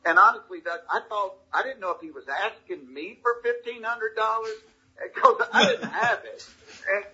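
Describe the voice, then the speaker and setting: Middle-aged southern guy, thick drawl, husky but bright voice, folksy storytelling, kinda dull lo-fi audio. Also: high-pitched, normal speed. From Georgia, US South. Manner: folksy, good-natured anecdotal delivery. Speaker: comedian guest. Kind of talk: casual interview storytelling.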